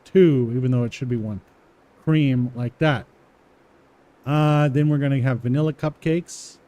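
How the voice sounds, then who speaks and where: A man walking through a coding exercise, repeating words aloud slowly as he types them and chuckling to himself. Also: mid-range voice, dark tone. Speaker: coding tutorial presenter. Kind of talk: casual live coding walkthrough.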